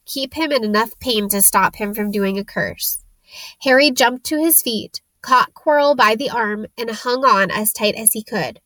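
A woman narrating a storybook chapter in a slow, dramatic reading. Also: fairly high pitch, sharp tone, no room sound, rough recording. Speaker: audiobook narrator.

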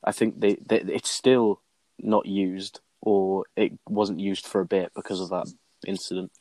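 A man's voice: sits low, flat delivery, measured pace, mellow, no echo. A young man chatting casually with friends, rambling and teasing with frequent laughs. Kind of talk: casual podcast chat among friends.

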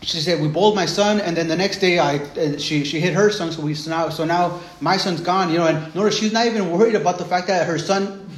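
A man's voice: high-pitched, brisk, echoey room. A man preaching a conversational sermon, retelling scripture in a loose, chatty way, often checking in with "right?" and restarting his sentences.

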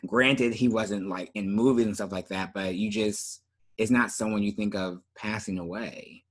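A man co-hosting a podcast in casual chat, relaxed and often trailing off with fillers. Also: fairly low pitch, normal speed. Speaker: podcast co-host.

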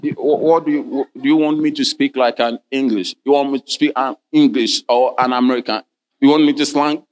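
This pastor's voice is medium in pitch and a little mellow, with fairly even intonation and a slightly fast pace, over slight background noise. Reading scripture in old King James wording, he frequently interjects "Hallelujah" and questions for the congregation.

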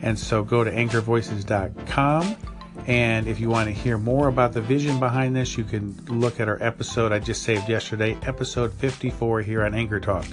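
Casual: enthusiastic guy hosting a podcast, easy mid-pitched voice, guitar bed behind. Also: fairly even intonation, moderate pace. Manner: enthusiastic, thankful. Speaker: podcast host. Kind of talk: upbeat podcast talk.

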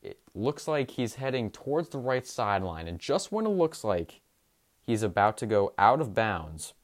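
A young man hosting a sports podcast, recapping games in an enthusiastic, emphatic way with drawn-out stresses. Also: fairly low pitch, big pitch swings.

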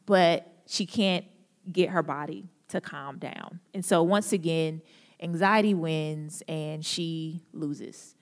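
A woman's voice: deep voice, steady tone, measured pace. Young woman giving a casual devotional talk. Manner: casual and relatable, joking and laughing often. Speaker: speaker at a church or campus gathering. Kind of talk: conversational devotional talk opened with prayer. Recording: echoey hall with long reverb.

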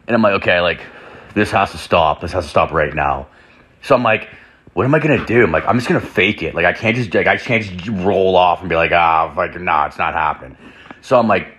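Rambling, profane young man, low voice. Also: a bit bright. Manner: rambling, heavy filler "like", profane. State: drinking whiskey. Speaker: podcast host. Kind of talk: crude storytelling monologue. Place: home room with door open.

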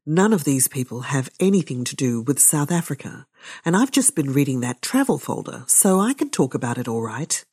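A woman voicing a wary, scheming middle-aged detective who mutters gruffly to himself. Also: extremely low pitch, sing-song, normal speed, warm tone, exaggerated voice. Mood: muttering.

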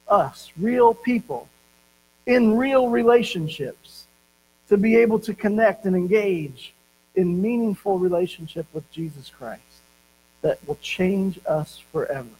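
A man preaching a sermon as pastor, telling stories and slowing down to stress key words. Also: high-pitched, darkish tone, low-quality recording.

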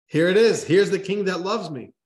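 Man doing a naive talking carp, soft and dreamy, slow, a bit hushed, roomy echo. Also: medium pitch, animated, pitched below the performer's own voice. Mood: thrilled. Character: naive excited male carp fish.

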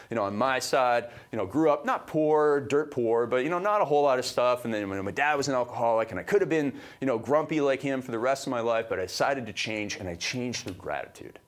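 High-energy motivational man from Canada. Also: quick pace. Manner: high-energy, emphatic, fired-up delivery. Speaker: podcast co-host. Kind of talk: motivational podcast talk.

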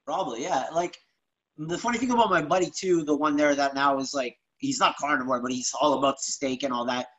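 A man's voice: fairly high pitch, brisk, bright, forceful tone, lo-fi sound. A man hosting a casual podcast, laid-back, swearing freely and calling people "bro". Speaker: podcast host.

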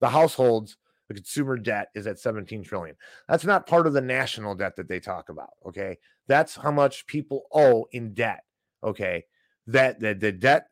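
A man's voice: mid-range voice, no echo. A man hosting a financial news show, giving sarcastic, ranting commentary on economic headlines and peppering it with "okay?" asides.

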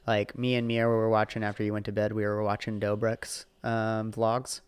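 Rambling middle-aged dad hosting a podcast. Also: male voice, lowish voice, moderate pace, clear, resonant tone, no room sound. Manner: rambling, animated, frequent fillers and restarts. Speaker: podcast host and father. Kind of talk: casual podcast chat.

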